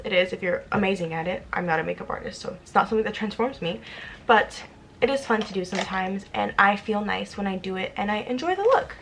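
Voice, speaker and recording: A woman in her twenties talks through her makeup routine in a casual, rambling way. She is chatty and self-deprecating, and her voice sits at an ordinary middle pitch. A faint hum of noise runs under the recording. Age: 20s. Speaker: vlogger. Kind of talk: casual get-ready-with-me chat.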